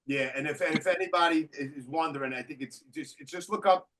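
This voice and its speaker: A man's voice: on the high side, fast talker. A man hosting a podcast, telling stories in casual chat with lots of swearing. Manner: animated storyteller, swears freely. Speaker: podcast host.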